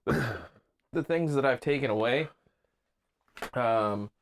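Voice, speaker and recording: A man's voice: medium pitch, slow, slight background noise. A man co-hosting a podcast, telling stories in an easygoing, rambling casual chat. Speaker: podcast co-host.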